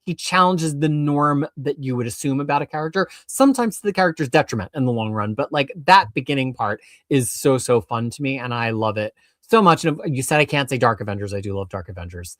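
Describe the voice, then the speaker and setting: A man co-hosting a casual live chat, enthusiastic and quick to laugh. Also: mid-range voice, animated, a bit bright, no room sound, clean studio sound. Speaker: co-host.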